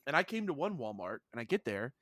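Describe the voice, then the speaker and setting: Talking fast at a medium pitch, this podcast co-host spins stories in a relaxed chat. He performs the quotes as he goes, captured in a studio-quality recording with no echo.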